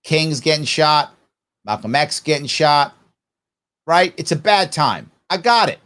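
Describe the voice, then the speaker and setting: A man's voice: on the high side, unhurried. A middle-aged man hosting a live political commentary show, arguing his point with lots of rhetorical questions. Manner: animated, argumentative, peppered with rhetorical questions; acts out quoted voices mid-rant. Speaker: host.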